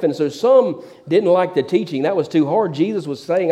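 A middle-aged male pastor preaching a sermon, telling stories in a folksy, animated preachy manner and repeating words as he builds. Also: a little high, fairly quick, hardly any pauses. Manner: preachy storytelling, repeats words when excited.

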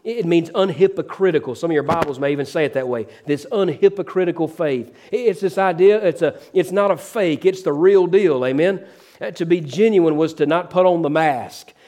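A man's voice: fairly high pitch, normal speed. A man preaching a sermon as pastor, often calling out "amen?" and acting out the words of the people he quotes. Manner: preacherly, calls out "amen?" to the congregation; voices quoted figures with shifts in pace and loudness.

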